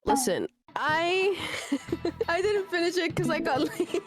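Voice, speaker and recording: A woman's voice: very high-pitched, animated, a little slow. A woman giving a playful, casual Spanish lesson, giggly and rambling, often cutting herself off. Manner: giggly, rambling, self-interrupting. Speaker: Spanish tutor.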